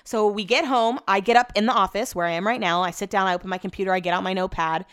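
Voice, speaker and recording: A young woman tells a long, meandering story in an easy, conversational way, dotted with likes and self-corrections. Her voice sits at a middling pitch for a woman. The sound is close and dry, with no room echo, recorded in her home office. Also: fast, fairly bright tone, clean tone. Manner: chatty, rambling with many likes and restarts. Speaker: vlogger. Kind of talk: casual storytelling.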